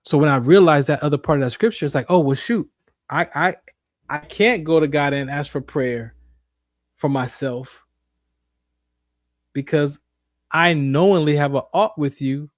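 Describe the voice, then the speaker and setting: A man's voice: a little high, moderate pace, long pauses, dry recording, studio quality. A man hosting a radio show, giving an emphatic, repetitive faith talk monologue in a preacher-like way.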